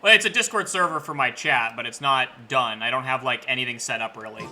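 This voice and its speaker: Bright, chatty young male streamer. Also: medium pitch, a little fast, a little hiss or hum, low-quality recording. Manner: chatty, joking, laughs often, mimics characters. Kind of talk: casual livestream commentary.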